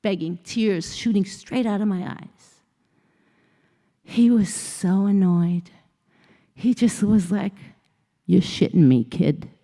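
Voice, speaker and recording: A woman's voice: medium pitch, slow pace, long pauses, dark tone. A woman motivational speaker telling a personal story on stage at a conference, acting out the dialogue in shifting voices. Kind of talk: storytelling keynote speech. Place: conference stage in a large hall. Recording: long hall reverb.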